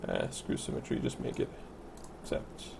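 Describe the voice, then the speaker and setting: Over background noise, a man talks at a moderate pace while casually commenting on his city-building game as a let's play commentator, thinking aloud and correcting himself along the way.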